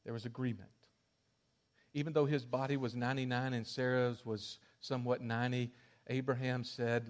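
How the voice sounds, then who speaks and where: A man preaching a sermon, telling the story with lively shifts in volume and acting out quoted lines. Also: medium pitch, normal speed. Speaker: pastor.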